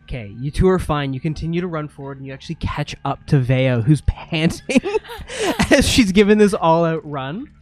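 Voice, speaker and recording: A man's voice: a little high, lively intonation, fairly quick, few pauses, faint music behind. A man running a tabletop game as game master, narrating vividly and mimicking sound effects.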